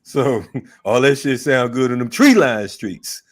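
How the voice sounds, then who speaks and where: A man's voice: medium pitch, expressive, measured pace. Laughing, joking man hosting a show. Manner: joking, laughing, loose street slang. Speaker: host. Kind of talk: casual chat on a video call show. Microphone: video call.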